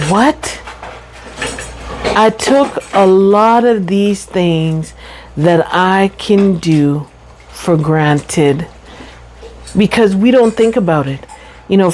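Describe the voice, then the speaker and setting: A middle-aged woman slowly and thoughtfully sharing her story of recovery from a brain injury, with light laughs and quick bursts between pauses. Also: fairly low pitch, a little mellow, slight background noise, low-quality recording. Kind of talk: reflective personal talk.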